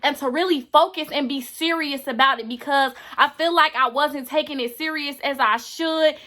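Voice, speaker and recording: A woman's voice: sits high, normal speed, bright, forceful tone. A woman vlogging casually to her viewers, earnest and gushing as she talks straight to them. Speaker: beauty YouTuber. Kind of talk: casual vlog to camera.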